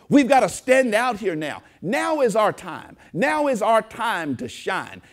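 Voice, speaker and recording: Pastor, male, high lively preaching voice, repetition-heavy sermon delivery. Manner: preaching with rising emphasis and repeated phrases. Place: church.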